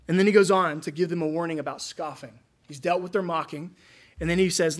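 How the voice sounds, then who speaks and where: A man's voice: a little high, brisk. A man preaching a sermon in a conversational way, acting out the voices he quotes. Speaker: pastor.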